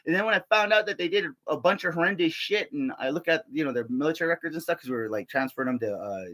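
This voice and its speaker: A middle-aged army veteran from the United States talks in a loose, rambling monologue, cursing freely and tripping over repeated words. His voice is bright and sharp, and it sits high for a man. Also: quick pace. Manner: profane, rambling, laughs and stammers often. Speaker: army veteran telling stories.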